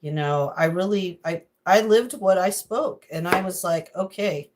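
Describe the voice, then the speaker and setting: A woman's voice: lowish voice, unhurried, noisy background. A middle-aged woman chatting casually on a livestream while cooking in her home kitchen, greeting viewers by name and wandering into rambling asides.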